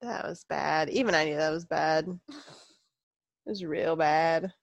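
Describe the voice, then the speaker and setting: Female co-host with a gravelly voice, quick reactions, casual chat. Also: deep voice, dry recording, muffled recording. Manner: laughing, chiming in with short reactions. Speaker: podcast co-host.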